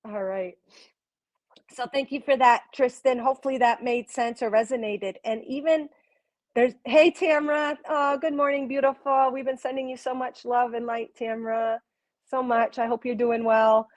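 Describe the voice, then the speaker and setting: A woman with a fairly high voice, live-streaming as a spiritual reader and channeler. She talks effusively, exclaiming often and laughing easily. She speaks straight to her viewers in the comments. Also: fairly even intonation, moderate pace.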